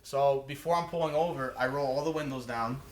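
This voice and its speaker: Fast-talking man spinning a profane story. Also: medium pitch, slight background noise. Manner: profane, rambling, many restarts. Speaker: podcast guest. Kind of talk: casual storytelling. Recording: roomy echo.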